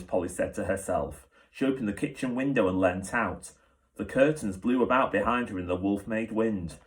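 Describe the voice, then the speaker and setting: A man's voice: lowish voice, normal speed. Man reading a children's story aloud. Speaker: teacher reading to pupils.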